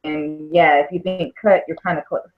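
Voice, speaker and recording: A woman joining a casual live-stream chat as a guest over a video call, halting with fillers. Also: low-pitched, fairly even intonation, faint music behind. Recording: tinny call audio.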